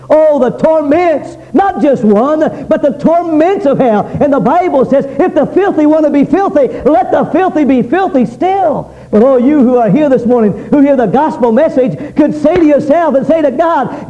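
A high-voiced man preaches a fiery revival sermon, pleading loudly and then dropping to low, intense warnings. His tone is mellow and dark-edged, and the muffled lo-fi recording dulls the sound. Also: lively intonation, normal speed, hardly any pauses. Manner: impassioned, swings between loud pleading and low intensity.

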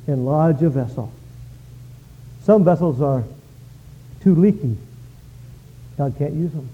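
A male pastor preaching a sermon, telling stories with lively swings from quiet to shouting. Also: fairly high pitch, slow. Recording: dull lo-fi sound.

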